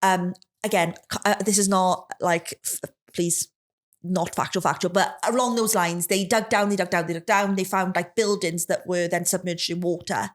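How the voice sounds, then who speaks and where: A woman's voice: on the low side, steady tone, normal speed. Sweary woman, rambling. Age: young adult. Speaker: podcast co-host. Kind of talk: casual chat.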